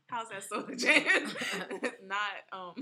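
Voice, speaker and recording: A woman's voice: a little high, lively intonation, drawn-out words, over a noisy crowd. A woman co-hosting a casual chat, laughing often and teasing her friends. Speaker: podcast co-host.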